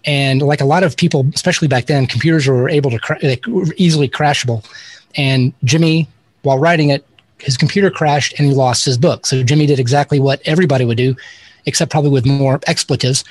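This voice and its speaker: A man's voice: medium pitch, fast, dry recording. A man talking as an interview guest, telling rambling, self-deprecating stories with many restarts. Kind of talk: casual interview storytelling.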